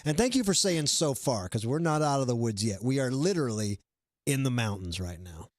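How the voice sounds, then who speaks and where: A man's voice: mid-range voice, lively intonation, a little fast, no echo, studio quality. A man hosting a livestream, chatting loosely and reading out viewer comments in a rambling, self-deprecating way. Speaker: livestream host. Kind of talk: casual chat.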